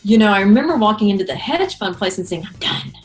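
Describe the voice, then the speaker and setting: A woman speaking as the guest in a casual interview, an animated storyteller who breaks into high, excited exclamations. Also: fast talker, soft background music.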